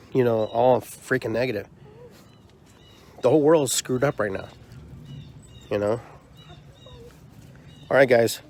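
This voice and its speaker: A man's voice: medium pitch, darkish tone. Frustrated man ranting as podcast host. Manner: heated, rhetorical, repeats questions. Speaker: podcast host and drum circle leader. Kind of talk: frustrated monologue.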